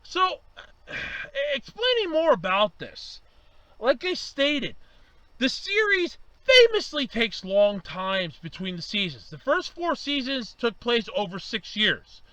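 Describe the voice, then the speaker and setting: A man ranting angrily to camera, swearing and raising his voice to yelling, his voice strained from shouting. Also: very high-pitched, big pitch swings, a little slow, dry recording, poor audio. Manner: heated, swearing, raises voice to yelling. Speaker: vlogger. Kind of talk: angry ranting monologue.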